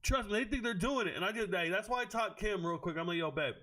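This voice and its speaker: A man hosting a livestream, reading chat aloud and riffing on each pick with loud, profane joking. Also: high-pitched. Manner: quick, animated jumps between chat and draft picks. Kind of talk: casual livestream commentary.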